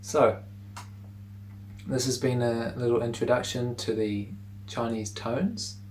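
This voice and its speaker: Slow, unhurried male pronunciation teacher. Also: mid-range voice, fairly even intonation, darkish tone, a little hiss or hum, low-quality recording. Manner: unhurried, repeats words slowly for the listener to say along. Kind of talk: relaxed video lesson on pronunciation.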